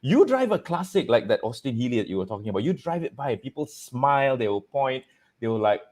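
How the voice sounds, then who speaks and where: A man hosting a casual chat show, talking in an animated, jokey way and often laughing. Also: medium pitch, brisk, slight background noise. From Malaysia. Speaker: host.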